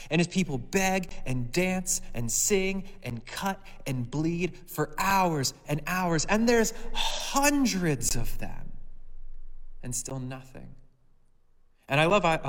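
Male preacher, sermon delivery, rhetorical questions, slightly high voice, in a big reverberant hall. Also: a bit bright. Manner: reads scripture, then preaches with rhetorical questions.

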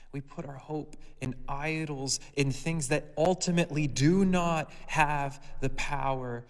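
Preacher man in a reverberant hall. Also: fairly high pitch. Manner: reads scripture, then preaches with rhetorical questions. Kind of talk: sermon.

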